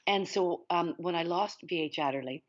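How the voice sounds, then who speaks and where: Low-pitched middle-aged woman, animated storyteller, dull lo-fi audio; interview guest. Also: normal speed. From Canada. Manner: animated storyteller, laughs often. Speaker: actress guest. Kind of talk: casual interview. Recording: dull lo-fi sound.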